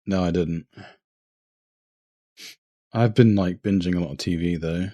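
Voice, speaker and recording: A man co-hosting a casual podcast in a low-key way, telling corny jokes. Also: measured pace, mellow, dry recording. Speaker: podcast co-host. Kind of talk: casual chat.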